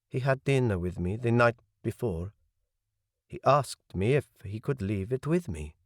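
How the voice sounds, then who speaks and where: A male audiobook narrator playing a grieving young man who speaks in a measured, rueful way. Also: mid-range voice, animated, no room sound, studio quality. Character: young adult man, grieving politician's son, guarded.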